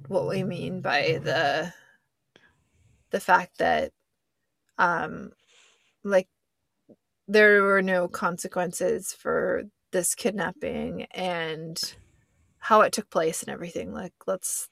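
A woman's voice: on the low side, slow, gravelly, fairly bright tone, no room sound. A woman co-hosting a casual film review podcast, chatty and rambling. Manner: chatty, rambling, self-interrupting. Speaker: podcast co-host.

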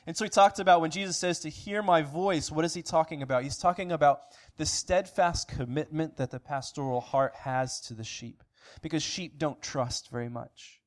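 A man preaching an earnest sermon as pastor, asking rhetorical questions and restarting phrases now and then. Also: a little high. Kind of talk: sermon recap.

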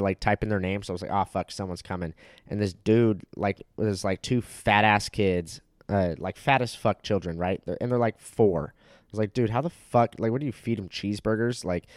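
A man's voice: lowish voice, clear, resonant tone, dry recording, studio quality. A young man telling a rambling, profane comedic story that keeps getting heated, with plenty of filler words.

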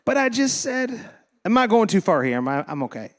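A man's voice: high-pitched, sing-song, fairly quick. A man preaching a sermon as pastor, talking casually and animatedly, joking and laughing with his congregation, and acting out quoted voices.

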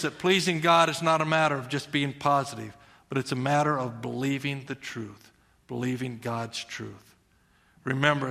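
A man's voice: mid-range voice, vocal fry, bright, forceful tone. Male pastor, earnest conversational sermon, middle-aged, echoing church hall, long reverb. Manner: earnest, conversational preaching with repeated phrases.

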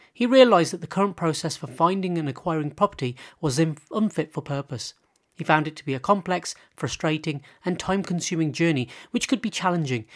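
Podcast host guy, slightly high voice, upbeat, reading a guest bio. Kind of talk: podcast intro and interview.

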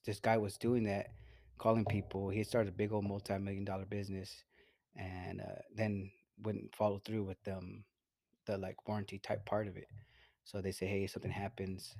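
A man's voice: fairly low pitch, level tone, moderate pace, gravelly, a little mellow, no room sound. A man co-hosting a podcast in casual, profane chat, rambling with many restarts. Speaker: podcast co-host.

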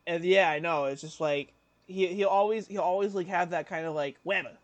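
A young man with a high voice chats loosely on a podcast, piling up fillers and restarts. He jumps into loud mimicry now and then. The sound is dry and close. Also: fairly quick, no echo. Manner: rambling, filler-heavy, breaks into loud impressions. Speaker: podcast co-host. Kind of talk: casual podcast chat.

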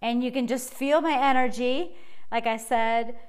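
A woman hosting a solo podcast, talking in a bubbly, energetic way and laughing often. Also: a little high, unhurried, smooth. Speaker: podcast host and life coach. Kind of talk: casual solo podcast monologue.

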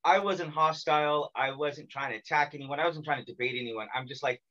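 A man's voice: on the high side, brisk, dull audio. An American man hosting a podcast, chatting casually and teasing his guest with jokes. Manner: joking, teasing, energetic. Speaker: podcast host. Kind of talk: casual interview chat.

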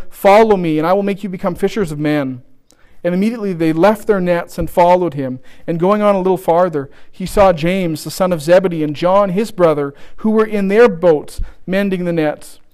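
A man's voice: high-pitched, a little mellow, clear, resonant tone. A man preaching a sermon, earnest and pleading as he urges his listeners.

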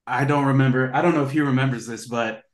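A man's voice: medium pitch, steady tone, fast talker. Young man chatting animatedly in an echoey room. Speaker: guest. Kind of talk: casual podcast chat. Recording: roomy echo.

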